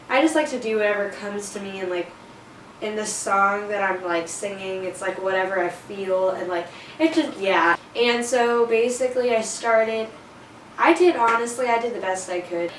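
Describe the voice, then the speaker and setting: A teenage girl with a mid-range voice, speaking at a moderate pace, tells a storytime for her vlog. She's chatty and casual, full of fillers and self-conscious laughs, in a roomy, slightly distant recording with faint noise.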